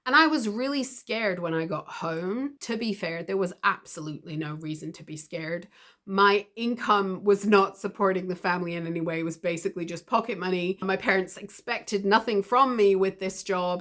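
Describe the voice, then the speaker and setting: A woman's voice: mid-range voice, moderate pace, fairly bright tone. A woman tells a personal story straight to camera. She speaks in a mid-range voice, earnestly and reflectively, with feeling close to the surface. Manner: earnest, reflective, emotional retelling. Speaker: video creator.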